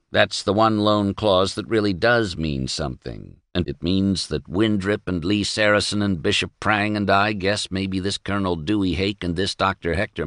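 A wry, sardonic newspaperman, read by a male narrator in his own low voice. His argument rises and drops with animated pitch, recorded dry. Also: no echo.

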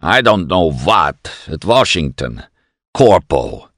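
A man's voice: sits low, sing-song, slow, a bit bright, no echo, studio quality, full character voice. A man voicing a small, older male professor who scolds in a stern, formal way.

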